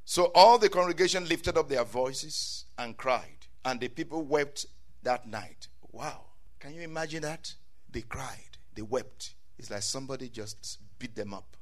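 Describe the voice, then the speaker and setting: A man's voice: a little high, very animated, a little slow, bright, forceful tone. A male preacher delivering an emphatic, repetitive sermon, often calling out amen.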